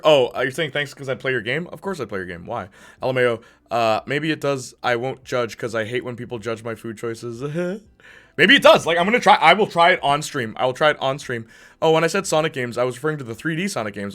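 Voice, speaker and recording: A man's voice: mid-range voice, pushed and bright. Chatty male streamer over faint music. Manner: chatty, reads and answers chat aloud. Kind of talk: casual live-stream chat.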